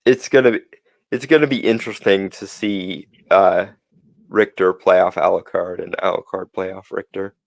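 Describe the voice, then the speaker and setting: A man's voice: sits low, steady tone, normal speed, vocal fry, no room sound. A man co-hosting a podcast in casual chat, with a sardonic, mock-threatening manner. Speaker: podcast co-host.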